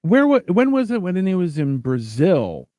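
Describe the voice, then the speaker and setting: A man's voice: high voice, huge pitch swings, normal speed, warm tone, dry recording. A man hosting a podcast, chatting casually in a rambling, joking, self-mocking way. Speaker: podcast host. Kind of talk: casual comedic chat.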